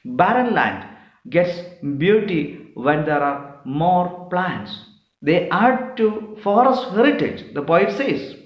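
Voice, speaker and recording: A man teaching, explaining a poem point by point in a slow, methodical way. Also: high-pitched, very animated, echoey room, muffled recording.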